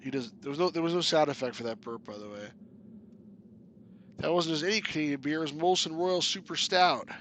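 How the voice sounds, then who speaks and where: A man's voice: fairly high pitch, fairly quick, fairly bright tone, slight background noise. A man casually commenting on a point and click game as he plays, joking and laughing often. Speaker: game reviewer. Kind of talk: casual let's-play commentary.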